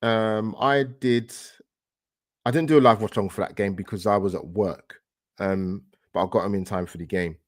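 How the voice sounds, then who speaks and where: A man's voice: lowish voice, steady tone, normal speed. A man in casual podcast chat who rants with passion and fires off rhetorical questions. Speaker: football podcast guest.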